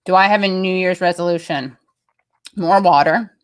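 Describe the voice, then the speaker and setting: Woman in her thirties, American accent, livestream host. Casual, meandering chat, voice sits a bit low. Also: normal speed, clear, resonant tone. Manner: rambling, chatty, reading viewer comments aloud. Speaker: show host.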